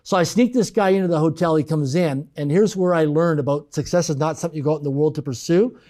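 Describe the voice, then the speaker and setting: A man's voice: on the high side, fast talker. A man telling a personal business story in casual conversation, acting out the voices of the people in it. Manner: animated storyteller acting out quoted dialogue. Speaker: podcast guest.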